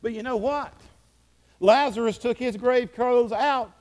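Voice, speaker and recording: A man delivers a sermon. He preaches with fervor. His pitch and volume climb and fall away again. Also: unhurried, darkish tone. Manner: fervent preaching, rising and dropping in pitch and volume. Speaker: pastor.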